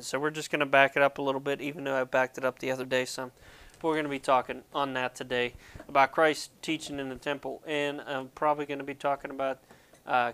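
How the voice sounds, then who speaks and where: A man's voice: mid-range voice, pushed and bright, clear, resonant tone. A man hosting a casual devotional talk to viewers, jokey and rambling, poking fun at himself. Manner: jokey, rambling, self-deprecating. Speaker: ministry video host. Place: Pennsylvania.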